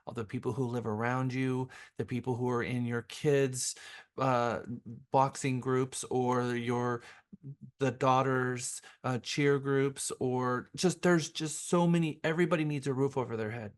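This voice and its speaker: A man coaching real estate agents, with an upbeat, quick and persuasive way of talking. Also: medium pitch, steady tone. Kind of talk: sales training talk.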